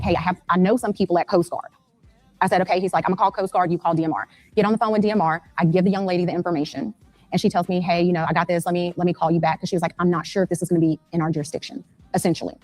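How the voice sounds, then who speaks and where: A mother telling her story in an interview, retelling events rapidly and anxiously and acting out phone calls. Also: fairly low pitch, steady tone, darkish tone, no echo.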